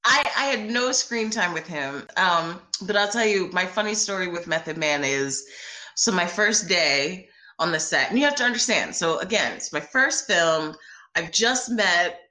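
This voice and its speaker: A woman being interviewed about her first film, telling animated stories, laughing often and acting out what people said. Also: fairly low pitch, moderate pace, roomy sound. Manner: bubbly, laughs often, acts out quoted voices. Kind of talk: animated anecdotal storytelling.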